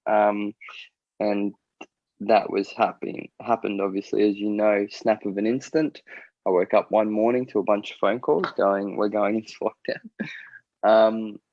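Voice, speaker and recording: A man co-hosting a casual podcast chat in an easygoing, chatty way with many pauses and little laughs. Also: on the low side, vocal fry, a little mellow, no echo, lo-fi sound. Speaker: podcast co-host.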